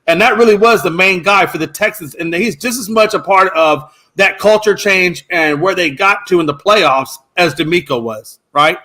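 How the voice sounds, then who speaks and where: A man co-hosting a sports talk show, arguing his point with emphatic, animated delivery that jumps up at times. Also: high voice, normal speed, few pauses. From United States. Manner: animated, emphatic, rising to shouts. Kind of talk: casual sports debate.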